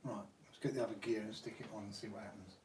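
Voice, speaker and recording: A man's voice: on the low side, steady tone, fast, a little mellow, a little hiss or hum. A man hosting a live hobby stream, chatting casually to viewers while he works on a repair. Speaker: RC hobby channel host. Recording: roomy, distant mic.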